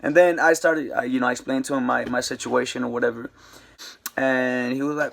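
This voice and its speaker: A man's voice: mid-range voice, fairly even intonation, brisk, gravelly. A young man casually telling a rambling, slangy story to camera, with lots of fillers. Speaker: vlogger.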